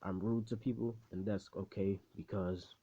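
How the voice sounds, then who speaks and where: A man's voice: moderate pace, husky. A man doing a rude, cocky teen boy. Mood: dismissive. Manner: low, flat, dismissive mutter. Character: cocky teenage boy hero, blunt and rude. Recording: slightly muffled recording.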